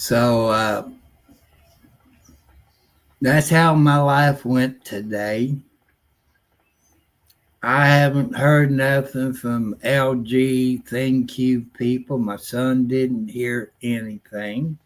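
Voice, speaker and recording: Slow-talking folksy older man. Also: medium pitch, steady tone. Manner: folksy, rambling, grumbling, with rural nonstandard grammar. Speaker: livestream host. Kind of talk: rambling casual live-stream chat.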